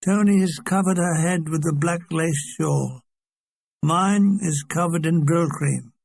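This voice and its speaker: A man's voice: fairly high pitch, a little slow, gravelly, darkish tone, no room sound. A man reading his own war memoir aloud as an audiobook, with dry comic understatement.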